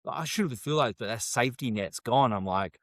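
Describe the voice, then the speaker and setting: A man co-hosting a podcast, telling work stories in a casual, animated way and laughing often. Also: medium pitch, moderate pace, dry recording. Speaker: podcast co-host. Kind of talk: casual chat.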